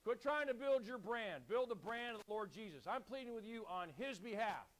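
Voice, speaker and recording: A man preaching a sermon, urgent and exhorting, calling on the congregation to repeat lines back and clearing his throat now and then. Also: sits high, expressive, normal speed, fairly bright tone. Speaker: pastor.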